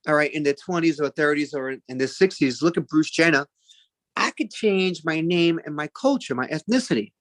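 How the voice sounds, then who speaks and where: A man's voice: high voice, fairly bright tone, no room sound. Rambling, chatty stand-up comic man. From Italian-American. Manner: rambling, chatty, full of fillers and asides. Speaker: stand-up comedian. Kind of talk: stand-up routine.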